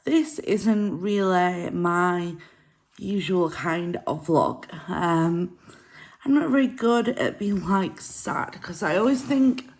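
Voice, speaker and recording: A woman's voice: fairly low pitch, takes it slowly, gravelly, darkish tone. A woman vlogging to camera from her camper van, crying through a rambling, apologetic chat. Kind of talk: casual vlog to camera.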